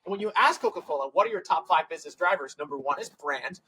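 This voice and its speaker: A man, a tech company CEO, telling stories as a guest in a casual podcast interview, acting out quoted dialogue with quick, run-on phrasing. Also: a little high, lively intonation, pushed and bright, a little hiss or hum, poor audio. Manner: fast, run-on phrasing with restarts.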